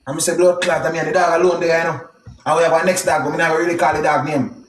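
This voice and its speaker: A young man with a Jamaican accent telling a story casually, in a heavy patois with shouted exclamations. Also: on the high side, little pitch movement, very fast, roomy sound. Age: young adult.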